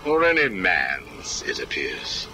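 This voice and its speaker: Game villain psychiatrist: very low, slow, coldly menacing, lively inflection, music bed. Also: male voice, heavily acted. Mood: menacing calm. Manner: slow, measured, coolly menacing interrogation. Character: cold calculating male villain psychiatrist, middle-aged. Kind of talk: video game cutscene acting. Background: background music.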